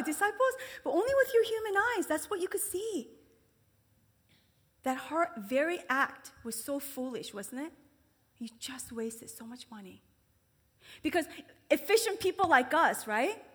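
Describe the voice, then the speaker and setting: A woman's voice: a bit bright, slightly rough. A woman giving a conversational sermon, acting out quoted voices and dropping to a whisper for emphasis. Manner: conversational, acts out quoted voices with big pitch jumps. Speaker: speaker at a ministry gathering. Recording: long hall reverb.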